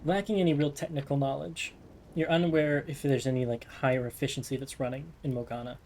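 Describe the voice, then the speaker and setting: A man running a tabletop game as game master, describing scenes slowly and in detail. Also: mid-range voice, steady tone, darkish tone, a little hiss or hum. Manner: slow, descriptive scene-setting.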